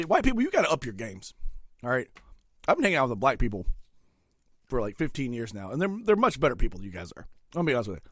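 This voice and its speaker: A middle-aged man hosting a podcast alone, ranting crudely and profanely with sudden loud outbursts while eating. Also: mid-range voice, dry recording, studio quality. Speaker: podcast host. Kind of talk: solo comedic rant.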